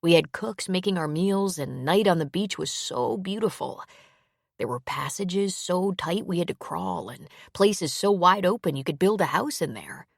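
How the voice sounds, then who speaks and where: A woman voicing Owen, a quiet and gentle grown man, in an audiobook, speaking softly and reassuringly. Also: expressive, normal speed, creaky, husky, dry recording, clean studio sound, full character voice. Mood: warm. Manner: soft, reassuring, low-key. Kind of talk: audiobook character reading.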